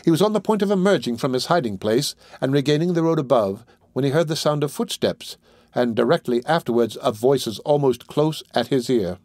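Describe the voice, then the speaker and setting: A man narrating a classic novel as an audiobook in a steady, even storytelling manner. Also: mid-range voice, brisk, dry recording. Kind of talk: scripted narration.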